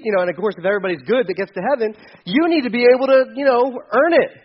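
A male pastor preaches in a high voice, in a loose, conversational way. He often restarts and corrects himself and drops in joking asides. The recording sounds dull and lo-fi. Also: very fast. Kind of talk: sermon.

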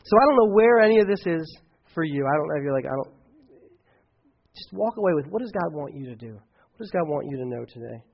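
A man's voice: fairly high pitch, expressive, fairly quick, vocal fry, dull audio. A man preaching a sermon and leading a closing prayer, telling stories casually with many fillers and restarts. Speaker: pastor.

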